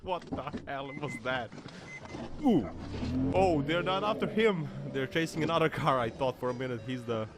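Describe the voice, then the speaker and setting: A man's voice: mid-range voice, noisy background. A man commenting over dashcam clips with a joking, mocking tone, laughing often and putting on silly voices. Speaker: video commentator.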